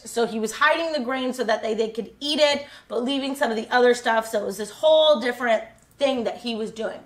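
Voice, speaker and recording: A woman retelling a Bible story for children in a casual, rambling way, with lots of fillers and self-corrections. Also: high voice.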